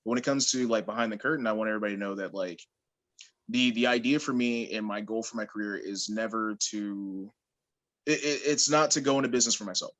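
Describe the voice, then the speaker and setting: A young man, a pro wrestler, chatting as an interview guest, telling animated stories and laughing often. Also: lowish voice, fast talker. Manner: animated storyteller, laughs often, acts out quotes. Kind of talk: casual interview chat.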